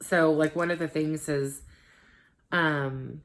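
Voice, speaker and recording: A book vlogger in her thirties chats casually about books she's read, her voice low and her pace slow. She fills her talk with ums and likes, and grows animated whenever she quotes conversations.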